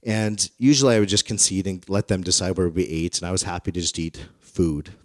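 A man's voice: low voice, fairly quick, no echo, clean studio sound. Conversational storytelling pastor, a man. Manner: conversational and self-deprecating, animated when retelling dialogue. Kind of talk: storytelling sermon.

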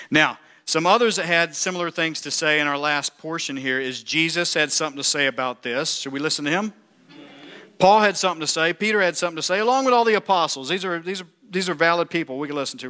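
A pastor preaching a lively sermon, asking the congregation rhetorical questions and reading scripture aloud. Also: male voice, on the high side. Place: church.

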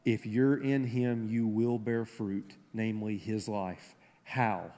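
A man with a Southern accent preaching a sermon as pastor, shifting from loud, high-pitched preaching to low, soft intensity. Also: steady tone, takes it slowly, dull audio. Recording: long hall reverb.

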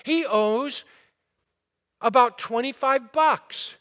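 A man's voice: very high-pitched, slow pace, a bit bright. A man preaching a sermon, asking the listeners rhetorical questions and retelling a parable with rising fervor. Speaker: pastor.

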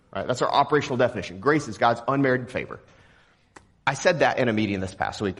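A young man from Texas preaching a sermon in a relaxed, joking, conversational way. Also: mid-range voice, fast talker. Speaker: pastor.

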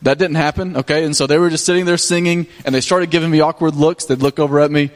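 A man's voice: fairly high pitch, fairly even intonation, fast. A man, a pastor casually recounting a mission trip to his congregation, with many restarts and fillers. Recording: long hall reverb.

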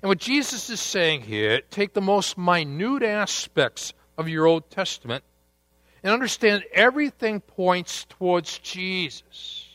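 Slow, deliberate man preaching a sermon. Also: high-pitched, very animated, a bit bright, dry recording. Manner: deliberate, with dramatic pauses and emphatic rises. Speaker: pastor.

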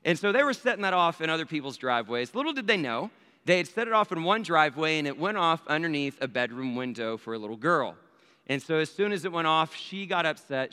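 A man's voice: fairly high pitch, pushed and bright, clear, resonant tone. A man telling a story in a sermon, acting out the voices of the people in it. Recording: long hall reverb.

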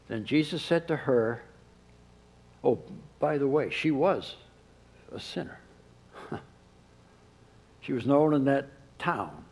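A man preaching a sermon, who drops to a soft hush when he quotes. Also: mid-range voice, slightly rough, low-quality recording. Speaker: pastor.

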